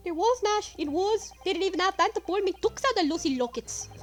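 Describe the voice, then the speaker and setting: A woman voicing a boisterous male Cockney thief in a game playthrough, loud and cheeky. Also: animated, a little fast, soft background music. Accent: Cockney put-on. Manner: loud, high, cheeky and rough.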